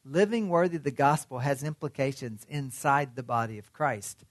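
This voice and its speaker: A man's voice: mid-range voice, normal speed, no room sound, clean studio sound. A man preaching a sermon in a conversational way, often asking his listeners questions. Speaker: pastor.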